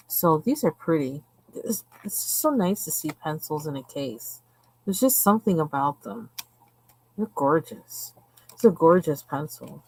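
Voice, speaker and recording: Brief: chatty woman livestream host, lowish voice, close dry mic, rambling and full of fillers. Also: dry recording. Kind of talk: casual chat while coloring.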